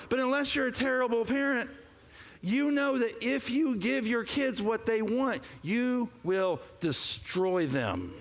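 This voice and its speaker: High-voiced joking pastor in a reverberant church. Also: male voice. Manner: lively, joking, call-and-response with the congregation. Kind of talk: sermon. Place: church sanctuary. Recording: long reverb of a church hall.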